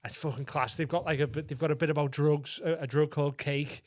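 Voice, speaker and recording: Slightly high-voiced and speaking fast with fairly even intonation, this comedy podcast co-host has been drinking vodka and is giggly. He laughs constantly while telling meandering, crude tales, captured in dry, studio-quality sound.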